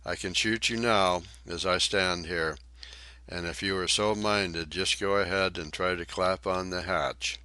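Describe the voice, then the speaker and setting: Man doing a stern defiant gent, deep voice, firm measured answers. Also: fairly even intonation, sharp tone, no room sound. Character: determined gentleman, stern and defiant.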